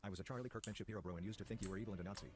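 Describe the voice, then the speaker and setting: A low male synthetic voice reads viewer donation messages on a livestream. It rattles through each message at a very fast, monotone clip. Loud music plays behind it.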